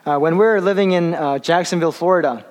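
A man preaching a sermon, speaking haltingly with many fillers and restarts and slowing down for emphasis. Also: fairly high pitch. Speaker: pastor. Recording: long hall reverb.

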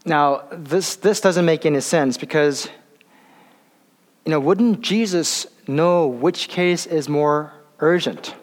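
A man preaching a sermon, speaking haltingly with many fillers and restarts and slowing down for emphasis. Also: on the high side. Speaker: pastor. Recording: long hall reverb.

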